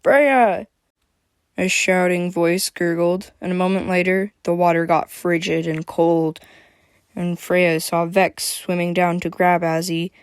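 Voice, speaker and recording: Woman narrator of a fantasy tale, steady plain read, lowish, dry sound. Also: measured pace, smooth, dry recording. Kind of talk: reading her own fantasy story aloud.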